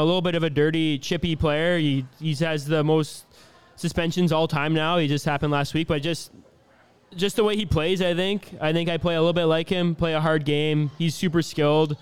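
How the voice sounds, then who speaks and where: A man in his twenties from Canada, answering interview questions in a relaxed, easygoing way with lots of fillers. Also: on the high side, clean tone. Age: 20s. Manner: easygoing, laughs often, many fillers. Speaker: hockey player being interviewed.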